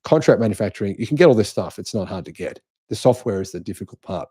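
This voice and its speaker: A middle-aged man with an Australian accent hosts a live-stream and talks through viewers' comments. His voice is dark and mellow. He presses his points insistently and keeps restarting his sentences. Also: on the low side, animated, fast, breathy edge. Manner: emphatic, insistent, restarts often. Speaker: channel host.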